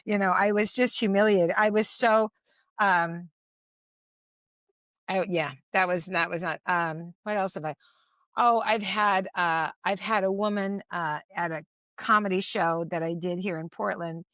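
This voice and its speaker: Older woman, lively anecdotal comedian. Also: medium pitch, measured pace, no room sound, clean studio sound. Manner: animated, laughing, self-deprecating anecdotes. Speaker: comedian guest. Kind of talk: conversational storytelling.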